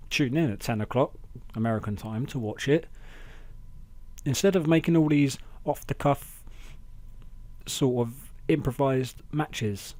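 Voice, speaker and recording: A man hosting a casual wrestling review podcast, chatty and excitable, talking into a close mic at home. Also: mid-range voice, no room sound. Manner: chatty, excitable, acts out quotes in raised voices. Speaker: podcast host.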